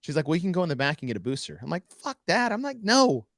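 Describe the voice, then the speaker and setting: Podcast co-host, male, animated storyteller who voices the people in his story, dry close mic. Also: on the high side, rapid-fire, dry recording. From United States. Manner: animated storyteller acting out dialogue. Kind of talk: casual storytelling chat.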